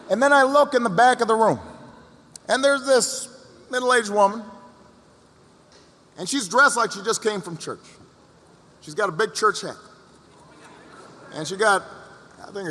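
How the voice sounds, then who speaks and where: A man giving a speech to an audience, telling a story with pauses and repeated words. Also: high voice, fairly bright tone, a little hiss or hum. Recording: long reverb of a large hall.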